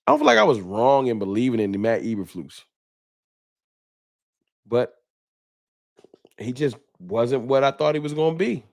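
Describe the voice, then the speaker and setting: A man's voice: mid-range voice, very animated, moderate pace, vocal fry, long pauses. Slangy man hosting a fan livestream. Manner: loose, slangy, reads chat donations aloud. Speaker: fan talk show host. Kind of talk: casual livestream sports talk.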